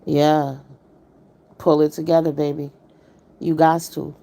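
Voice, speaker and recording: A woman's voice: sits low, flat delivery, slow, creaky, dark tone. A woman hosting a live stream, giving blunt, emphatic and profane commentary while greeting her viewers. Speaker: livestream commentator.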